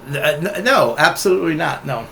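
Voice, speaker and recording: Gravelly-voiced man arguing back. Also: fairly high pitch, expressive, moderate pace, fairly bright tone, a little hiss or hum. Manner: argumentative, scoffing, talks straight at the other teacher. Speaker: Bible commentator reacting to a video. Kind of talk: rebuttal commentary.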